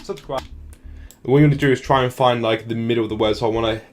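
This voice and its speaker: A man talking fast and casually through a software tutorial, often saying "like". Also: mid-range voice, fairly even intonation, faint music behind. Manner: fast, casual, many "like" fillers. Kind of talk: screen-recorded tutorial walkthrough.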